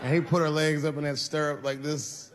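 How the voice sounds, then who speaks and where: A man's voice: on the high side, level tone, a little fast. A man doing stand-up comedy, telling stories conversationally and acting out the people in them. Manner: conversational storytelling with acted-out quotes. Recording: reverberant hall with faint noise.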